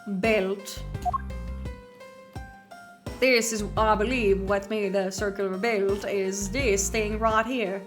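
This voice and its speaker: A woman voicing a formal, haughty male prosecutor in measured, declaiming speech, with game music behind. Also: medium pitch, steady tone, lightly acted. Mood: formal deliberate.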